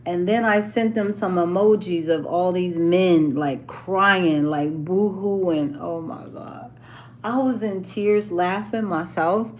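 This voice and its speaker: A woman talks in a loose, playful way, laughing and dropping in lots of fillers. Her voice sits in a middle pitch. A faint hiss runs underneath. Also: takes it slowly, a little mellow. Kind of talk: casual chat.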